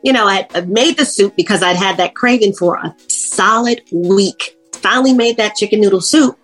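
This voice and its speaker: Middle-aged woman guest telling her story, acts out what she said back then, bit husky, faint music behind. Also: medium pitch, normal speed. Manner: animated storyteller, acts out her own past lines. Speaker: interview guest. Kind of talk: casual interview, personal story.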